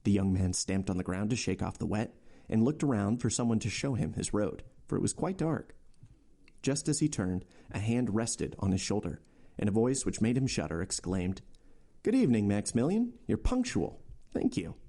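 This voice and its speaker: A man narrating a classic novel for his podcast, measured and steady. His voice is fairly low, with a mellow, soft tone. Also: vocal fry. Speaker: podcast host reading a novel aloud. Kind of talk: audiobook narration.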